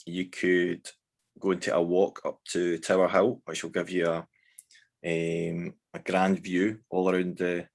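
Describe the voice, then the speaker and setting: A man with a Scottish accent, a band member chatting casually in an interview, rambling with many fillers and restarts. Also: low voice. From Scotland.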